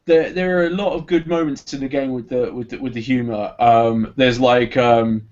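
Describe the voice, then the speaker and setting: A man's voice: mid-range voice, fairly even intonation, moderate pace, darkish tone. Rambling man, lo-fi podcast. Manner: rambling, hesitant, lots of ums and restarts. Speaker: podcast co-host. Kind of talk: casual chat reviewing a game. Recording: dull lo-fi podcast audio.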